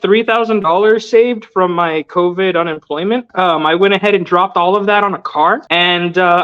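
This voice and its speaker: Young male guest, high voice, rambling earnest delivery, dull lo-fi audio. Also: fairly bright tone, clear, resonant tone. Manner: loose, filler-heavy, earnest. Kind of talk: casual storytelling interview.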